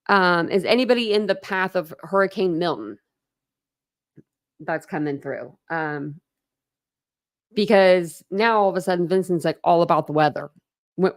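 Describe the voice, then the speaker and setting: A woman's voice: on the low side, normal speed, pauses often. A woman from Ohio hosting a casual livestream chat, talking in a chatty, rambling way with many fillers. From Ohio, USA. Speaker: livestream host.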